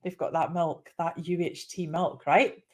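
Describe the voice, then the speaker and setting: A Scottish woman in her thirties giving casual side-hustle advice, chatty and animated, acting out the people in her stories. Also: fairly low pitch, measured pace. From Scotland. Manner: chatty, animated storyteller, acts out quoted voices. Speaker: small business vlogger.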